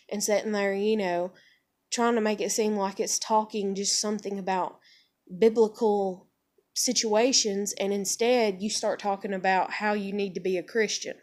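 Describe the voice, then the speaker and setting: A woman's voice: mid-range voice, a little mellow. A woman in her thirties ranting angrily in a video blog, swearing a lot and filling her talk with "like". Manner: heavy swearing, filler "like". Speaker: vlogger. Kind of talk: angry opinion rant to camera.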